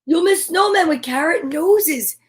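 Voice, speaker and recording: A woman voicing a small, worried male mouse in a children's storybook reading, talking in a high, eager, imploring way. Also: animated, unhurried. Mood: pleading.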